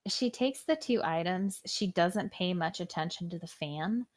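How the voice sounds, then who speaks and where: A woman running a one-on-one tabletop game as game master, narrating descriptively and often pausing on "um". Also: fairly low pitch, expressive. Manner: descriptive, with frequent "um"s.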